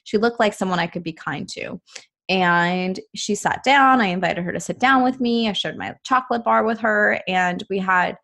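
Chatty woman podcast host, mid-pitched. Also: moderate pace, a bit bright. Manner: chatty, earnest, many fillers like "um" and "like". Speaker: podcast host and personal trainer. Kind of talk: casual solo podcast monologue.

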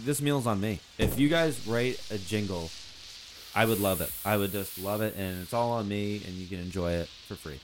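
A man improvising as a fast-food worker in a comedy sketch, loose and jokey, at times breaking into mock-tearful wailing. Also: fairly low pitch, background noise.

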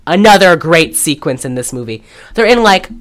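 Lady podcast host going over a movie, slightly low voice, does little voices for the characters. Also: normal speed. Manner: animated, acts out quoted lines while recapping. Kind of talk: casual movie recap chat.

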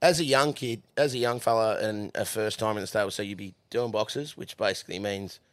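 A man with an Australian accent and a fairly low pitch speaks a little fast in a dry studio recording. As a guest on a casual podcast, he laughs and swears freely while telling horse stable stories.

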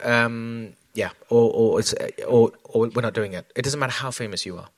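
A man's voice: fairly low pitch, fairly even intonation, moderate pace, few pauses, no echo. A man talking as a choreographer in an onstage conversation, reflective, with many fillers and restarts. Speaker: choreographer guest.

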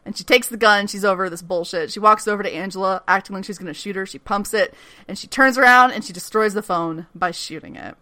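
A woman's voice: mid-range voice, fast talker, dry recording. A woman co-hosting a podcast, casually recapping a TV episode with profanity and acted-out lines. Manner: animated, profane, mimics characters' lines. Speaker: podcast co-host recapping a TV show.

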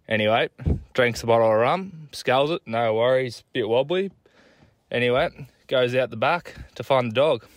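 A man's voice: mid-range voice, fairly bright tone, dry recording. A man with an Australian accent, calling in to a podcast. He swears constantly while spinning a crude joke in a laid-back way. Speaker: caller. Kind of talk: crude casual joke-telling voice message.

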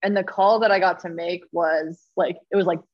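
A woman telling stories in a casual podcast chat, animated and laughing often, with lots of fillers. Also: fairly low pitch, normal speed, dull audio. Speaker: podcast guest, rowing coxswain.

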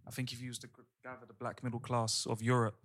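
Animated man telling a story. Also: mid-range voice, fast talker. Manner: animated storyteller, swears freely. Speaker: podcast co-host. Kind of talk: casual chat.

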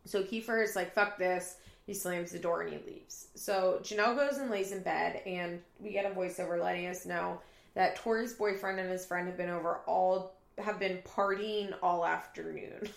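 A woman's voice: on the low side, normal speed, vocal fry, roomy sound. A woman recapping a reality TV episode in casual chat, acting out quoted lines as she goes. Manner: animated retelling, acts out quoted lines with raised voice.

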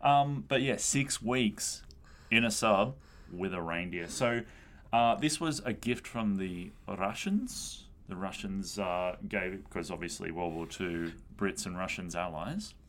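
A man's voice: low-pitched, slow pace, a bit bright. A man co-hosting a casual podcast, telling a story with playful asides and frequent laughter. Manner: laughs often, tells stories with playful asides. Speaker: podcast co-host.

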